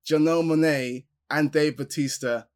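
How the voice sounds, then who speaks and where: A man's voice: on the high side, normal speed, clean tone. Enthusiastic man gushing about films. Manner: enthusiastic, animated fan gushing. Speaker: podcast co-host. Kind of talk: casual film podcast chat.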